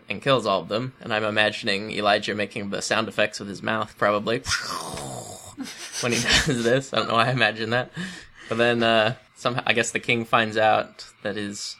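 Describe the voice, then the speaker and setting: A man with a low, bright, crisp voice retells stories in a loose, chatty way. He laughs easily and jumps into lively storytelling. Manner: animated, laughing storyteller who acts out quotes. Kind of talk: casual chat retelling stories.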